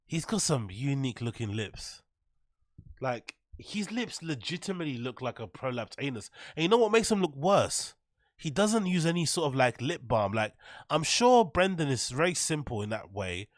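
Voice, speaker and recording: A man's voice: on the high side, very animated, moderate pace, no room sound, clean studio sound. A man hosting a commentary show, ranting and mocking clips with heavy profanity and filler words. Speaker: host.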